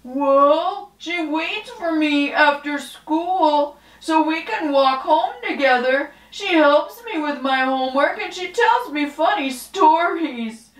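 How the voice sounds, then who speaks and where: A woman voicing an excitable young dog puppet who barks between words and is impatient to go for a car ride. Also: sits high, takes it slowly, few pauses, distant mic, pitched above the performer's own voice. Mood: chatty. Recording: roomy echo.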